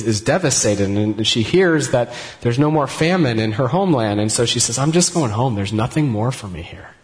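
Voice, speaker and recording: A man teaching a Bible story in a casual, animated way, voicing the characters' words as he goes. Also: medium pitch.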